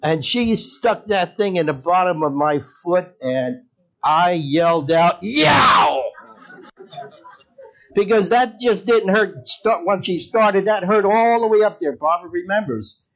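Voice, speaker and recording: A man's voice: high voice, normal speed, hardly any pauses. A man preaching a sermon in a church, talking with the congregation and putting questions to them. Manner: conversational, asks the congregation questions. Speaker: pastor.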